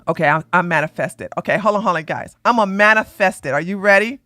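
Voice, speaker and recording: A woman host doing live-stream commentary in an animated, sarcastic way, often breaking into laughter. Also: on the low side, fairly quick, few pauses, no room sound, soft background music.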